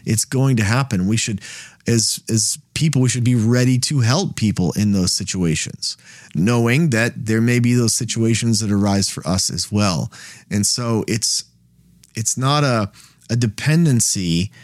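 A man's voice: fairly low pitch, a little slow, no room sound. Man teaching scripture, dry sound. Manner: frequent "right?" tag questions and restarts. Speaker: Bible study host. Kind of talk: conversational Bible teaching.

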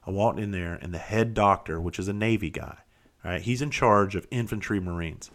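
A man's voice: low voice, moderate pace, long pauses. A middle-aged man hosting a podcast, telling blunt, profane stories from his own past in a casual, self-deprecating way. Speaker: podcast host. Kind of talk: casual storytelling monologue.

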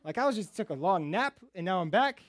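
A man's voice: high voice, a little fast, pitched above the performer's own voice. A man voicing a thrilled, slangy man who has just come back to life. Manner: excited, slangy.

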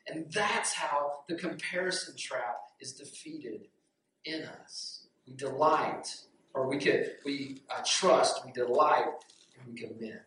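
A man pastor preaching a sermon, telling a story in an earnest, animated way before leading a prayer. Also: mid-range voice, slow. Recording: very echoey room, distant mic, faint noise.

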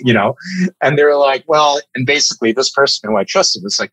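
A man who leads an advocacy group, telling war stories in a casual, animated and profane way. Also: medium pitch, fast, breathy edge, no echo, rough recording. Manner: animated, profane, emphatic storyteller. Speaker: nonprofit advocacy leader. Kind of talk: casual podcast storytelling.

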